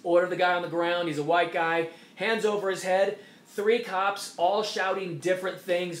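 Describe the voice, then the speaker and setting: A man's voice: high-pitched, fairly even intonation, moderate pace. A man hosting an opinion monologue, talking emphatically and repeating his points. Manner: emphatic, repetitive, mocking quoted voices. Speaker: host. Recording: echoey room.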